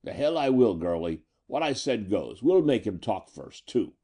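A man voicing a brutal male gangster boss who snarls rough tough-guy slang. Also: mid-range voice, big pitch swings, moderate pace, warm tone. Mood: snarling menace.

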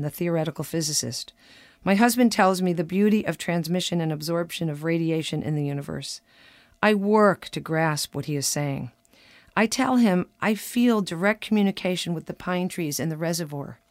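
A woman in her fifties reading her own humorous personal essay aloud on the radio, telling it with a wry, animated lilt. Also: on the low side, normal speed, no echo. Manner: wry, animated storytelling with lively voiced quotes.

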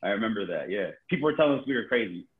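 A man, a podcast guest telling stories in a slangy, animated way. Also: on the low side, rapid-fire. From New Orleans. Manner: animated, acts out others' quotes, slangy. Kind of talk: casual storytelling. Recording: tinny phone-like line.

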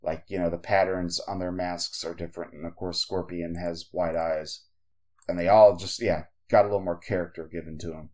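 A man's voice: sits low, level tone, normal speed, a little mellow. A man co-hosting a podcast, chatting casually and rambling with lots of fillers. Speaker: podcast co-host. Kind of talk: casual chat.

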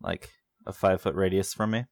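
A man's voice: low voice, fairly even intonation, brisk, gravelly, darkish tone, no echo, clean studio sound. A man playing in a tabletop role-playing game, thinking aloud and hesitating as he decides on his moves. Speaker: player. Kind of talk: casual tabletop game play.

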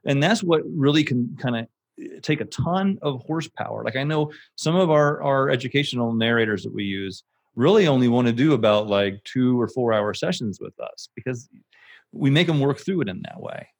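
A man who runs an audiobook production company, speaking as a guest in a casual interview, animated and emphatic and swearing for emphasis. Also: medium pitch, moderate pace, no echo.

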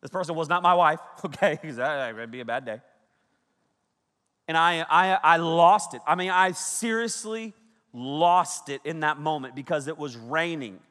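A youth pastor in his thirties preaching to a large crowd, his voice bright and fairly high for a man. He tells stories with animated energy, shouting out the lines he quotes. The hall gives his words a long, echoing reverb. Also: moderate pace. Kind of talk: youth sermon. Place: large hall with a big audience.

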